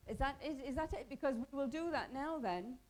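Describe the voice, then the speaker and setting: A woman's voice: high-pitched, brisk, poor audio. A woman from Pakistan teaching a hospital volunteer workshop, talking conversationally and quizzing the group in a training room.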